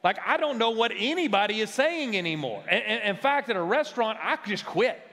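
A man's voice: high voice, expressive, fairly quick, vocal fry, sharp tone. A man preaching a sermon in a large church worship center, emphatic, often restarting his words and checking in with his listeners. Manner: emphatic, checks in with the audience with "right?"; frequent stammered restarts. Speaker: pastor. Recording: long hall reverb from a church sanctuary.

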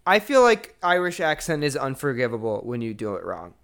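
A man's voice: medium pitch, big pitch swings, a little fast, fairly bright tone. A man co-hosting a casual movie podcast, joking and reading out trivia questions. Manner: runs trivia quizzes, joking. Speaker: podcast co-host.

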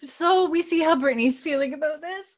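A woman's voice: sits high, fairly quick. Woman host telling a show recap, doing the lines, laughs a lot. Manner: storytelling recap, acting out quotes, laughing often. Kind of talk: casual chat.

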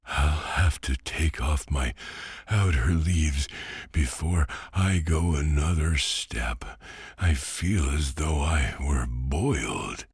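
A man's voice: a bass voice, slow pace, breathy edge, no echo, pitched above the performer's own voice, full character voice. A man doing a stout, breathless, jolly cabbage. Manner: jolly, chatty.

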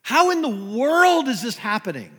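A man's voice: extremely high pitch, very animated, normal speed, bright, forceful tone, husky, long reverb tail. A man preaching a sermon in a church, conversational, with many rhetorical questions and repeated words. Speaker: guest preacher. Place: church sanctuary.

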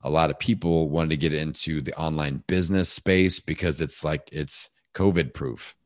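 A man with a big, deep voice, talking casually as a guest in a podcast interview and telling animated stories. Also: normal speed, no echo, studio quality. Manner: animated storyteller, acts out voices.

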